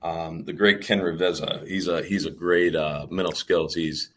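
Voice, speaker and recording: A man's voice: low-pitched, fairly even intonation, moderate pace, a bit bright, a little hiss or hum. A man who plays professional baseball, telling candid stories in an interview in a thoughtful, rambling way. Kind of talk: reflective storytelling in interview.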